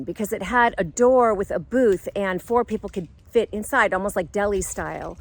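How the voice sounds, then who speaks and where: A middle-aged woman tells a personal story in a casual, playful way. She giggles often and acts out the voices of the people in her story. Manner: animated, acts out quoted voices with big pitch jumps. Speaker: vlogger telling a personal story.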